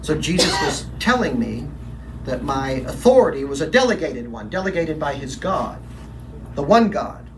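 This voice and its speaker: A man's voice: fairly high pitch, sing-song, moderate pace, far from the mic, noisy background. A man playing a troubled, defensive middle-aged Roman governor in a first-person dramatic monologue, telling his story in a brooding, confessional way with emphatic quoted lines.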